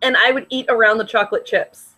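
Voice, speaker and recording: A woman's voice: on the high side, steady tone, fast, bright, forceful tone, poor audio. A young woman co-hosting a podcast, rambling in casual chat with many fillers. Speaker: podcast co-host.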